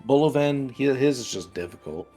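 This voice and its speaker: A man chatting casually on a game stream, animated and quick to laugh, talking about his own storytelling. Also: fairly low pitch, faint music behind.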